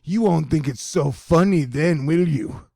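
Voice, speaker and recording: Man doing a put-on Russian accent, gloating space chief, higher pitch, gravelly edge. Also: a little slow, mellow, no echo, clean studio sound.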